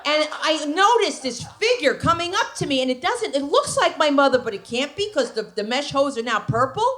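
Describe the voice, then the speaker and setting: A woman comedian from New Jersey telling brash, animated stand-up stories on a comedy club stage. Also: high-pitched, moderate pace. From New Jersey, USA. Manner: brash, animated storytelling with put-on voices.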